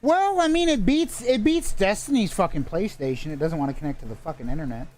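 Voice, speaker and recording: A game master narrating a tabletop game in a casual, profane tone. The voice sits in a middle range but moves around a lot in pitch. Banter comes easy and loose between narration. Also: lively intonation, a little fast, a little mellow, faint music behind.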